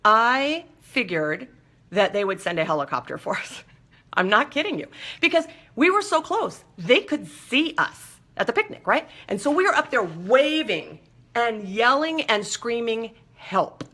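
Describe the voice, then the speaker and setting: A woman hosting a talk show, telling a personal story in a lively, chatty way with playful asides. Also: a little high, a little slow. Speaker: show host.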